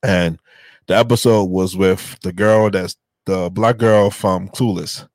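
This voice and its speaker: Middle-aged male podcast co-host, low voice, dry close sound, rambling storyteller. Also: steady tone, slow, darkish tone, dry recording. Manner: rambling, restarts and retells scenes with voices. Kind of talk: casual storytelling chat.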